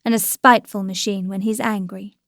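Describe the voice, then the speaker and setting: A woman's voice: mid-range voice, fairly even intonation, a little fast, creaky, no echo, clean studio sound. A woman reading the lines of a proud aristocratic young wife, with raised, bitter irony. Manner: bitter frivolous irony, louder than the narration.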